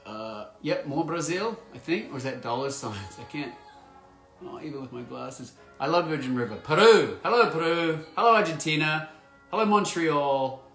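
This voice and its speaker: A man's voice: a little high, animated, moderate pace, a bit bright. A man signing autographs on a livestream, chatting casually and playfully while reading fan messages aloud. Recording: roomy echo with faint music.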